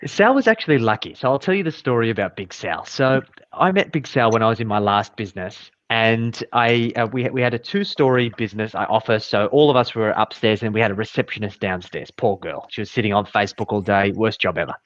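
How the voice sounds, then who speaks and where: A man's voice: lowish voice, fairly quick, fairly bright tone, dry recording. A man, co-hosting a podcast in a casual, blunt, storytelling way. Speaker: podcast co-host, financial adviser. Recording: dull, dry sound.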